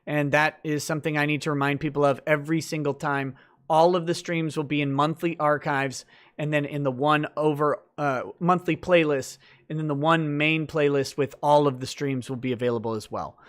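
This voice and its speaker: A man's voice: on the high side, fairly even intonation, moderate pace, a bit bright. A man hosting a late-night livestream, chatting loosely through viewer comments with lots of fillers and restarts.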